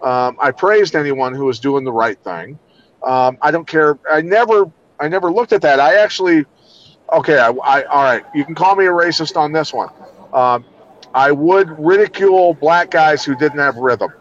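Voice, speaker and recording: A middle-aged Iowa man who trains people in combat and law enforcement talks bluntly and swears a lot in a casual podcast chat. His voice is fairly high and moves at a normal speed, with a blunt, profane, emphatic manner. The recording sounds dull and lo-fi.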